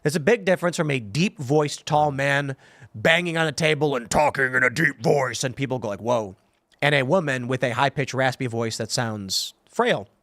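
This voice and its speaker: A man's voice: medium pitch, moderate pace, dry recording, clean studio sound. A man hosting a political panel show, talking animatedly and slipping into impressions of the people he quotes. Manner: animated, mimics others' voices mid-story. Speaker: show host.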